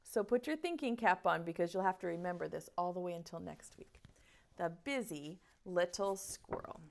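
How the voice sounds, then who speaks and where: Reading a picture book to children during online circle time, this woman teacher uses a slow, sing-song storytelling voice and pauses to ask them questions. Her voice is on the low side and gravelly.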